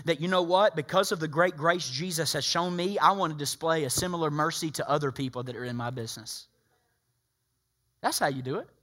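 A man preaching a sermon, moving between loud emphatic points and quiet storytelling and putting questions straight to the congregation. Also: fairly high pitch. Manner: addresses the congregation directly with repeated questions. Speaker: pastor.

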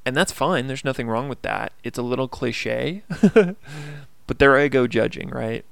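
A man rambles through a casual solo podcast, keen and motivational, with a lot of fillers. His voice is smooth with a gravelly edge. He is recorded close to the mic, so the sound is dry. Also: mid-range voice, normal speed, fairly bright tone, no room sound. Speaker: podcast host.

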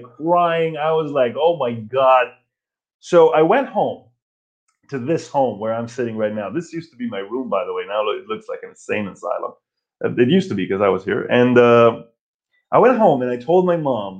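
A man's voice: mid-range voice, lo-fi sound. A man in his forties hosting a casual live stream from his old bedroom, ranting and telling stories in a profane, self-mocking way. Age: 40s.

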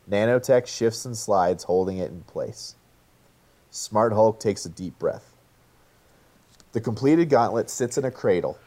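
Male narrator, low and warm, recounting a movie plot in a casual tone. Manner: recounts a film scene by scene, quoting lines.

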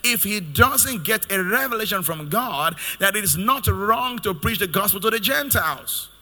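A man's voice: sits high, lively intonation, moderate pace, sharp tone, big-room sound. A man preaching a sermon as pastor, lifting into sung cadences as he builds his points.

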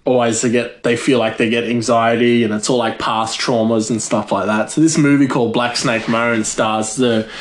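A man's voice: mid-range voice, level tone, moderate pace, hardly any pauses. A man chatting casually to viewers. He rambles, giggles and fills his talk with "like". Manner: rambling, giggly, filler-heavy. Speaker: vlogger. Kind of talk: casual chat. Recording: echoey room.

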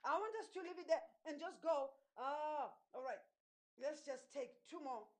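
Woman pastor, high voice, sermon, emphatic, repeats herself, keeps asking if the flock follows. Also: measured pace, poor audio. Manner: emphatic, repeats phrases, asks listeners if they understand. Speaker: preacher.

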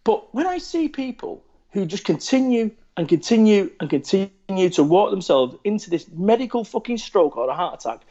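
A man's voice: sits high, moderate pace, hardly any pauses, dull audio. A man, chatting bluntly and swearing freely as he tells stories about himself. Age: 40s. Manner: blunt, sweary, animated storytelling. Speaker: podcast guest. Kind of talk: casual chat.

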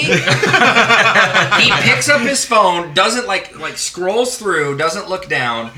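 Bright-voiced podcast host, echoey room. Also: male voice, high-pitched, expressive, slow. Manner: laughing, profane anecdote telling. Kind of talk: casual storytelling among friends.

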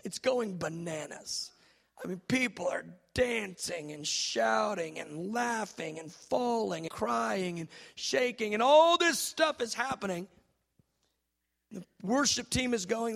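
A man, a pastor preaching a charismatic sermon, swinging from soft musing to shouted preaching. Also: high voice, vocal fry.

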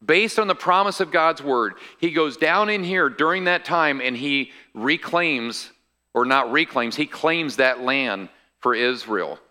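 A man's voice: on the high side, animated, measured pace, bright, forceful tone. A male pastor preaching a sermon in a conversational way, explaining scripture with asides to the congregation.

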